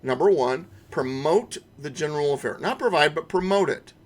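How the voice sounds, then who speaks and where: Man, middle-aged, online class instructor, emphatic, repeats words, slightly higher voice. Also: expressive, normal speed. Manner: emphatic, repeats key words, rhetorical questions. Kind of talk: online lesson lecture.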